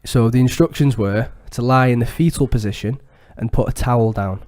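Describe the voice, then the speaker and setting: A young man in his twenties, co-hosting a podcast and telling a crude story in casual, animated chat full of swearing. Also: medium pitch, fairly quick. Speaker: podcast co-host.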